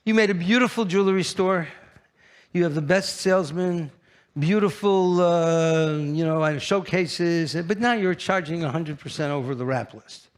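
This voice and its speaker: A brash man delivers a live conference talk from the stage. His somewhat high voice leaps into loud, high bursts and then drops low again as he keeps throwing questions at the audience. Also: moderate pace. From New York. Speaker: keynote speaker at a trade fair.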